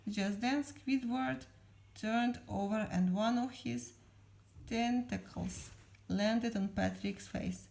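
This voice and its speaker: A mother reading a storybook aloud to her child in a calm, unhurried way. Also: on the high side, vocal fry.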